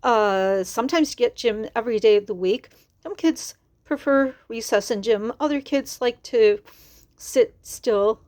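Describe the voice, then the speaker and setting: A woman's voice: a little high, a little slow, a little mellow. A middle-aged woman reading a picture book aloud to children, stopping for chatty asides to explain new words.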